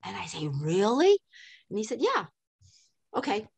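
An older woman, a podcast guest, telling a story in an animated way with frequent laughs and acted-out dialogue. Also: mid-range voice, unhurried, gravelly, slightly rough, dry recording. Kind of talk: storytelling interview.

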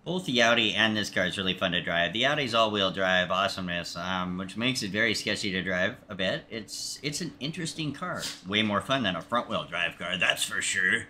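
A man streaming a racing game, chatting casually with halting, rambling restarts and a joking manner. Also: on the low side, expressive, bright, forceful tone, slight background noise. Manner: jokey, talks to himself and chat. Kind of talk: casual gameplay commentary.

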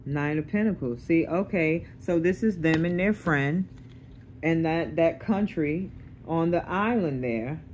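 Tarot reader talking straight to viewers, blunt, swears a lot, keeps saying okay, mid-pitched voice. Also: measured pace, darkish tone, slight background noise. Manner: blunt and streetwise, swears freely; checks in with the listener, repeating "okay?". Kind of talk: casual tarot reading to camera.

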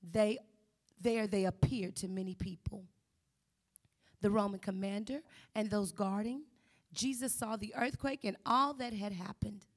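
Woman reading scripture aloud, steady careful pace, mid pitch. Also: measured pace. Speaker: scripture reader.

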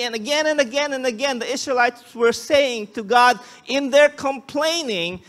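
Very high-voiced male pastor preaching. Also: moderate pace, few pauses, a bit bright. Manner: emphatic preaching, acting out quoted voices; frequent restarts. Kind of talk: sermon.

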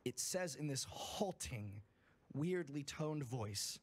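A man's voice: mid-range voice, animated, slow pace, husky. A man reading a campfire horror story aloud in an emphatic storytelling manner, full of swearing.

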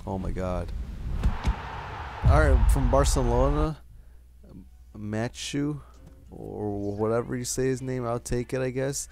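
A man's voice: medium pitch, slow, creaky, long pauses, darkish tone. A man hosting a gaming channel, giving casual commentary, frustrated and swearing as he grumbles about bad luck.

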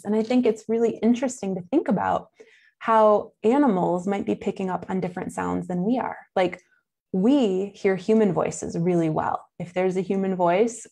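A woman's voice: mid-range voice, gravelly, darkish tone. A young adult woman with a Buffalo, New York accent, giving an enthusiastic, chatty nature lesson for kids. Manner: enthusiastic, chatty, with fillers and laughs. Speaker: nature educator.

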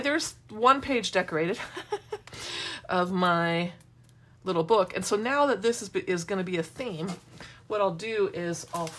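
Chatty woman demoing crafts, lowish voice. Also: fairly bright tone. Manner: chatty, rambling asides while working. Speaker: craft demo host. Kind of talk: casual craft tutorial.

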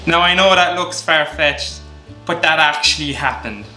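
In this casual comedic vlog, an Irish host from Ireland rambles and pokes fun at himself. His voice is fairly high, pushed and bright, at a normal speed, with room echo and faint music in the background.

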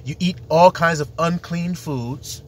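A man's voice: on the high side, takes it slowly, a little hiss or hum. A man preaching in an emphatic, rambling monologue, full of rhetorical questions.

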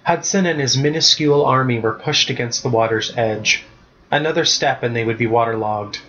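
Male author narrating his book, steady and even, mid-pitch, muffled lo-fi sound. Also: moderate pace, slight background noise. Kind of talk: storybook narration. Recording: muffled lo-fi recording.

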